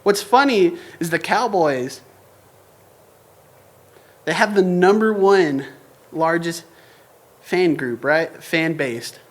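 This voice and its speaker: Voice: medium pitch, animated, slow pace, pauses often. A young adult preacher giving a casual sermon with a slangy, joking delivery. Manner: informal and joking, slangy asides. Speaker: church preacher.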